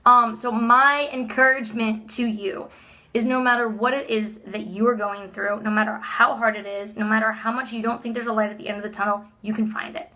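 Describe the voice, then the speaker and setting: A woman in her thirties speaks straight to her viewers in a motivational vlog. Her voice is bright and sits a little high, and her talk is earnest and upbeat, full of "like" and easy laughs. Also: fairly even intonation, fairly quick. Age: 30s. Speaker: vlogger.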